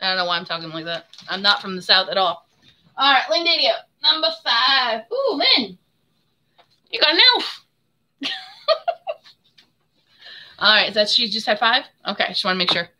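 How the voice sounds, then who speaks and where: A woman hosts a live giveaway stream for her handmade soaps, chatting in a friendly way, calling viewers "hon" and "my friend," and laughing a lot. Her mid-range voice is pushed and bright, with lively intonation, a normal pace, and frequent pauses. It's casual live stream talk.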